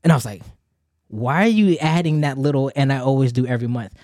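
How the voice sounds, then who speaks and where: A man's voice: mid-range voice, expressive, quick pace, a little mellow, dry recording, clean studio sound. A man co-hosting a casual chat, telling a story animatedly and acting out both sides of the conversations. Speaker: podcast co-host.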